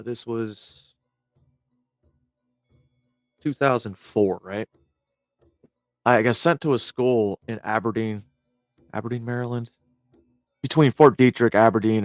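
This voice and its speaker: A man's voice: medium pitch, no echo, studio quality. A man, an army veteran, tells his training stories in a blunt, profane and casual way, acting out what people said. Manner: blunt, swears freely, acts out quoted reactions. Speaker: army veteran reacting to a clip.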